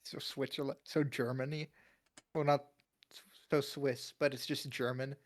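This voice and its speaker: A man's voice: mid-range voice, level tone, normal speed. A young man co-hosting a podcast in casual chat, rambling with lots of fillers and laughing often. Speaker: podcast co-host.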